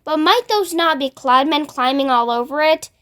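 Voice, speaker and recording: A woman voicing a nervous, sharp-tongued centipede in a storybook reading. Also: sits high, moderate pace. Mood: wary. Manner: sharp, wary.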